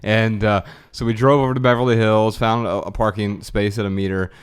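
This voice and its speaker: Man, podcast co-host, low smooth voice, dry jokes, kitchen studio. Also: steady tone, fairly quick. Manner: wry, joking, at times professorial. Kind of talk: casual podcast chat. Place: friend's kitchen used as a studio.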